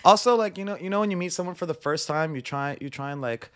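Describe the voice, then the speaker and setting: A man's voice: on the high side, fast, a crowd in the background. Rambling young man telling a story. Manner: rambling, acts out dialogue with "I'm like" and "like" fillers. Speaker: podcast guest. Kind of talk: casual storytelling.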